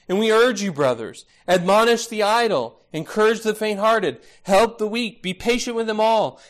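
A male pastor preaching an expository sermon, emphatic and repetitive, often adding "right?". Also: sits high.

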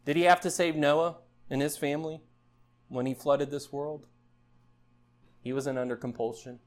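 A man preaching a sermon in an earnest style, building up loud passages and then dropping low and quiet. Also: fairly even intonation, moderate pace. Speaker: pastor.

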